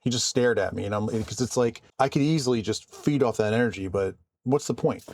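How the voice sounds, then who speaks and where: A man vlogging casually about his work, calm and conversational with frequent restarts. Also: medium pitch, a little fast. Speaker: vlogger and IT support worker. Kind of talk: casual storytelling to camera.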